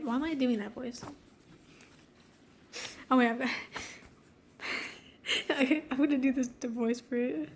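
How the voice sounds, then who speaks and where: High-voiced girl reading her old kid story slowly, laughing at herself the whole way. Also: steady tone, a little hiss or hum. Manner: giggly, self-mocking, breaks off to laugh. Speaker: reader of her own childhood story. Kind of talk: casual reading with joking commentary.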